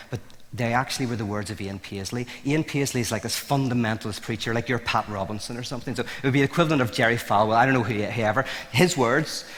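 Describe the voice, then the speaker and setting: Guy telling stories in an interview, keeps restarting, laughs at himself, big echoey hall. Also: mid-range voice. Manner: animated, many restarts, laughs at own points. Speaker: interview guest. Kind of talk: conversational storytelling. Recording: long hall reverb.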